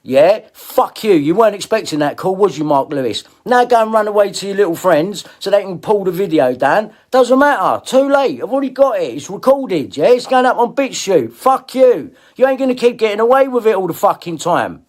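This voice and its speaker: A man's voice: high-pitched, very animated, a little fast, hardly any pauses. A middle-aged man ranting at people in a confrontational, swearing monologue, repeating himself. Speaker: video blogger.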